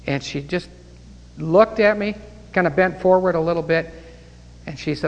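High-voiced fervent preacher, echoing hall. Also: male voice, normal speed, pauses often. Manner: fervent, rising to exclamations of praise. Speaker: preacher leading a Bible study. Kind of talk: sermon and closing prayer.

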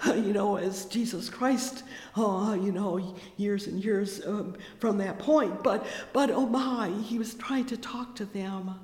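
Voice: mid-range voice, steady tone, slow, darkish tone. A preacher delivering a fervent, exclamatory sermon, breaking in again and again with cries of praise. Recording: echoey hall with long reverb.

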